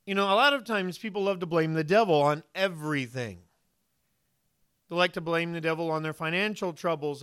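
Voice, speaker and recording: A man with a high, bright voice preaches to his church. His tone is crisp and smooth, and he tells stories with animation, acting out the voices of the people he quotes. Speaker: pastor. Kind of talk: sermon.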